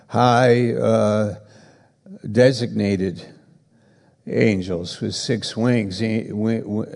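A man preaching a sermon as pastor, halting and repeating words for emphasis, with a gravelly voice. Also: fairly low pitch, a little mellow, long reverb tail.

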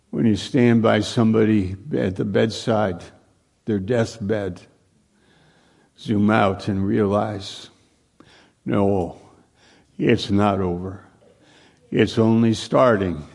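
A man preaching a sermon slowly and earnestly, repeating phrases for emphasis and often dropping to a hushed, low voice. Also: creaky. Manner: slow, earnest preaching with long pauses, sinking to a hushed low voice.

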